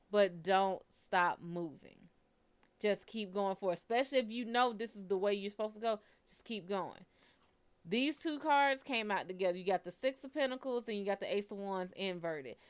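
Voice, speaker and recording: A woman's voice: mid-range voice, smooth. A woman giving a live tarot reading, talking bluntly and conversationally and swearing casually as she tells a story. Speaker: tarot reader.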